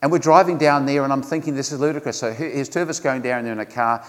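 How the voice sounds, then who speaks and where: A man, a pastor preaching in an earnest, conversational way, often pausing on fillers and restarting phrases. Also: mid-range voice, in a large hall. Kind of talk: sermon. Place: church.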